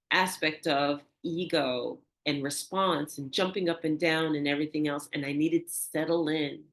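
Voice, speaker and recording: An older woman, a guest in an interview, telling a personal story with animated, acted-out dialogue and soft, hushed reflective moments. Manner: animated, acts out quoted dialogue with rising pitch. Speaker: interview guest, energy healer.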